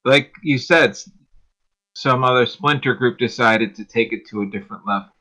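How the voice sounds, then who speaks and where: A man in a tabletop game session puts forward thoughtful questions and theories. His voice is bright and forceful in a middle register. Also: medium pitch, moderate pace. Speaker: player. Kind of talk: casual tabletop game chat.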